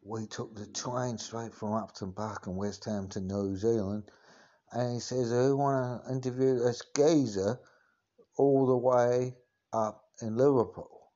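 A man's voice: mid-range voice, steady tone, unhurried, warm tone, dull audio, lightly acted. A man putting on a crude, swaggering cockney geezer voice for a comic podcast monologue, rambling and packed with filler phrases. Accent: Cockney, put on. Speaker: podcast host.

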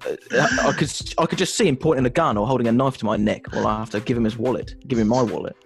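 A man's voice: medium pitch, rapid-fire, vocal fry, faint music behind. An English man, a stand-up comedian, telling rambling self-deprecating stories with lots of swearing. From England. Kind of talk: casual comedic chat.

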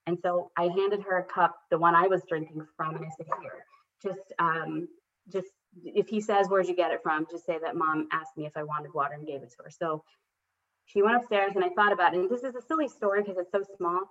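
A woman in her thirties, talking as an interview guest and telling a long story about her family in a candid, self-deprecating way. Her voice sits a little low and comes through dull lo-fi audio, and it brightens when she acts out her children's lines. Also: fairly quick. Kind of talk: casual conversational storytelling.

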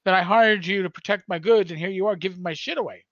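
A man's voice: sits high, quick pace, fairly bright tone, dry recording, muffled recording. A man in his sixties, a podcast co-host, telling a long rambling story in casual chat with many stammers and restarts.

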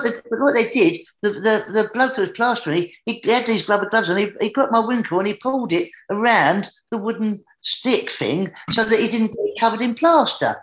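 An English man, a guest entertainer, telling a comic anecdote in a lively manner that builds as the story climbs. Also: sits high. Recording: roomy echoey room.

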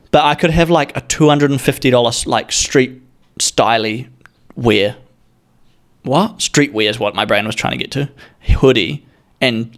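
A man's voice: mid-range voice, fairly bright tone. A young man with a New Zealand accent, telling a rambling, sweary and self-mocking comic story as a podcast host.

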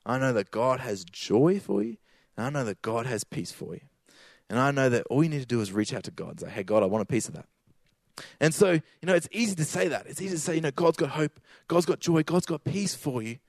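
A man's voice: medium pitch, expressive, fast, gravelly, no room sound. A man giving a casual sermon with slang, building to emphatic repeated lines.

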